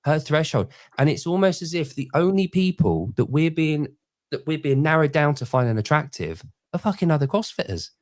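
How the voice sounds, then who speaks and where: A man in his forties from Britain, hosting a casual podcast chat and telling stories with lively energy. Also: fairly high pitch, normal speed, dry recording, studio quality. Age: 40s. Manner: animated storyteller, mimics people in quoted voices. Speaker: podcast host.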